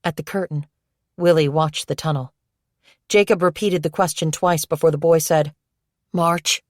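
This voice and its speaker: In clean, dry studio audio, an audiobook narrator reads from a novel. Her deep voice carries the scripted text with calm, even, measured pacing.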